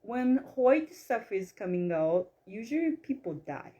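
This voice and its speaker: A woman with telling a story in casual chat, animated and acting out quoted dialogue. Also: a little high, a little slow, muffled recording. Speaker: guest, psychic massage healer.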